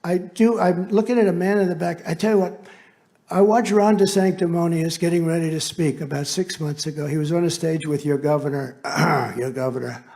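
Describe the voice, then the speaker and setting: A man's voice: fairly high pitch, creaky, dark tone. A man who is a political candidate, giving a campaign rally speech in a rambling, boastful way with asides to the crowd.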